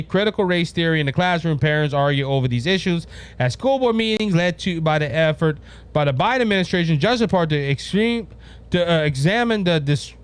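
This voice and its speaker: A man with a Louisiana accent hosting a political commentary podcast, emphatic and halting, full of restarts. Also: a little high, clean tone. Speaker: podcast host.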